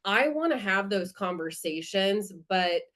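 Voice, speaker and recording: A woman's voice: medium pitch, animated, unhurried, a bit bright. A woman speaking as a podcast guest in a casual conversation, earnest and heartfelt, thinking aloud as she goes.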